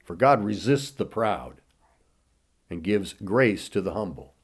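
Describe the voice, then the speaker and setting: A man's voice: fairly low pitch, animated, slow, husky. A man preaching a sermon, reading scripture aloud and asking his listeners rhetorical questions. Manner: reads scripture in King James wording with rising emphasis, asks rhetorical questions.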